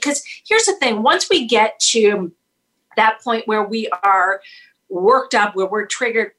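Bright, energetic woman therapist. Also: medium pitch, takes it slowly, poor audio. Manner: energetic, explains with acted-out example dialogue. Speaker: couples therapist guest. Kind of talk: podcast interview.

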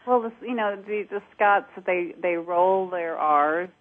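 A woman with a Cockney accent, an accent coach talking as a radio guest, animated and repeating herself. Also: on the low side, unhurried. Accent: English, Cockney. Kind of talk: radio interview. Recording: tinny phone-like line.

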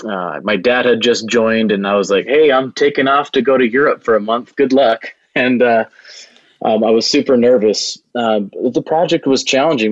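A man's voice: fairly low pitch, no room sound, highs cut off. A man who runs a video production business, telling a long story in an interview with an earnest, rambling manner and many restarts.

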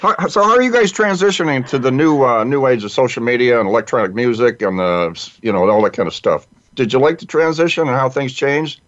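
A man co-hosting a casual talk show, asking questions in a halting way and searching for his words. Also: mid-range voice, expressive, lo-fi sound. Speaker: co-host.

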